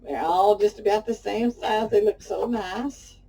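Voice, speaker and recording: Folksy Texan woman, mellow and distant. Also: mid-range voice, measured pace, slightly rough. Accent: Texan Southern. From Pasadena, Texas. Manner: folksy and talkative, addresses viewers as y'all. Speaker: cooking show host. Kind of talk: casual cooking demonstration with chatty stories.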